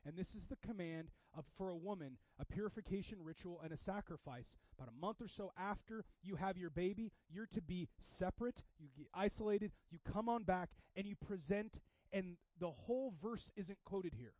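A man preaches with a high, lively voice, pushing some lines hard and dropping others to a hush. The recording is dry and a little dull. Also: normal speed, dry recording. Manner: animated, swings from loud emphasis to quiet intensity. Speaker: pastor. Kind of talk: sermon.

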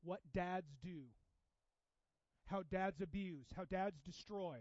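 A male pastor preaching a sermon, moving between hushed, quiet passages and loud, impassioned ones. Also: sits high, slow, long pauses, no echo, dull audio.

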